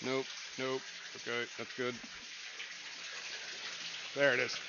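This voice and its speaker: A man's voice: medium pitch, little pitch movement, slow pace. A man chatting casually on a home livestream in his fish room, rambling with lots of fillers. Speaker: livestream co-host. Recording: dull lo-fi stream audio with room noise.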